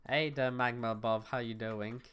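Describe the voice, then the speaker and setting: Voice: medium pitch, fairly even intonation, normal speed, a bit bright, smooth. A young adult livestreamer at home, chatting casually with viewers and thinking aloud while playing. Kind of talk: casual gaming stream chat. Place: at home, neighbors next door.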